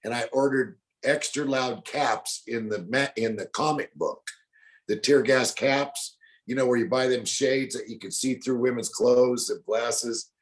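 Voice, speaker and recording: A drawling older man in his sixties, unhurried and steady in tone with a mid-range voice, tells folksy stories as an interview guest. In the casual telling, he acts out other people's words.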